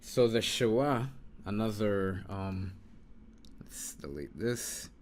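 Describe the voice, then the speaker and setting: A man's voice: lowish voice, animated, slow, darkish tone, a little hiss or hum. A man teaching an informal lesson, patiently repeating sounds and muttering to himself while he writes. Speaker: Hebrew teacher.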